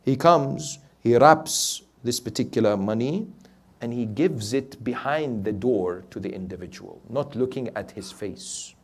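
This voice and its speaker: A man preaching a night sermon who urges his listeners emphatically, asks them rhetorical questions and drops to quiet storytelling. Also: mid-range voice, a little slow. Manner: swings between loud urging and quiet storytelling. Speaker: sheikh, preacher.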